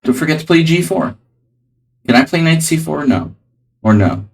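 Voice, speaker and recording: A man's voice: fairly high pitch, expressive, moderate pace, gravelly, recorded from a distance, low-quality recording. A man streaming chess, thinking aloud over his moves with dry, jokey asides. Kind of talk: live-stream chess commentary.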